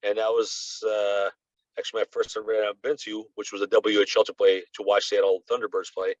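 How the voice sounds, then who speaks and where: Russian-born man, guest reporter, low voice, rambling anecdotes, dull dry lo-fi audio. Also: brisk, no room sound. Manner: animated and rambling, lots of "you know" fillers. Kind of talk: casual conversational storytelling.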